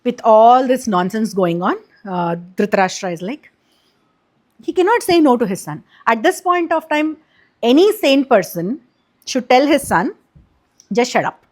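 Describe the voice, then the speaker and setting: A woman's voice: a little high, big pitch swings, measured pace. A woman casually retelling an epic for kids, chatty and explanatory, with many fillers and restarts. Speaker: storyteller, channel host.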